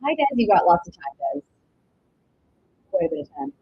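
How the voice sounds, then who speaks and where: A woman doing a live-stream tarot reading, chatty, with breathy pauses and drawn-out exclamations. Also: a little high, lively intonation. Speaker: tarot reader. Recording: dull lo-fi stream audio with faint noise.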